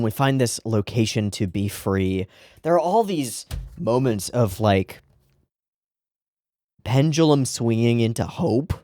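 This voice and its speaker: A man in casual reaction-commentary mode, heavy with feeling and quick to swear, his voice sitting at an ordinary middle pitch. The sound is close and dry, with almost no room around it. He talks like a host chatting through an episode for his regulars. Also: no room sound. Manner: emotional, swears freely, animated commentary.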